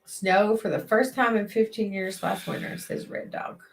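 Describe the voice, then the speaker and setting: A woman co-hosts a late-night livestream from a metal shop. Her voice sits at a middle pitch, and she chats easily while reading viewer comments aloud. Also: fairly even intonation, moderate pace. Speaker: livestream co-host.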